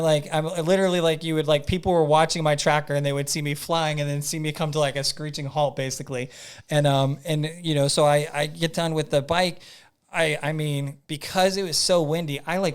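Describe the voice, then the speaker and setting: A man telling a story as a podcast guest in a casual, animated way, acting out his own thoughts and using lots of fillers. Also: fairly high pitch, brisk, clear, resonant tone. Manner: frequent "like" fillers and repeats.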